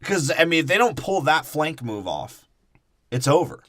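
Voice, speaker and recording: A man's voice: on the high side, sing-song, moderate pace, a bit bright, dry recording, studio quality. A man co-hosting a casual podcast, rambling through irreverent jokes and swearing while discussing a film. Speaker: podcast co-host. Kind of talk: casual movie breakdown chat.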